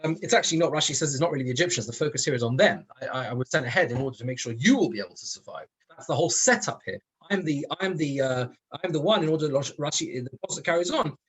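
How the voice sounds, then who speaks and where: A man's voice: fairly high pitch, fairly bright tone, slightly rough. A man, a rabbi, giving a Torah lesson in an explanatory way, stressing his points. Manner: explanatory, rises and falls with emphasis. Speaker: rabbi teaching a weekly Torah class.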